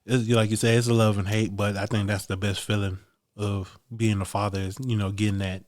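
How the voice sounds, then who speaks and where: A man speaking as a guest in a casual podcast chat, relaxed and agreeable, with many fillers. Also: lowish voice, a little fast, no room sound, studio quality.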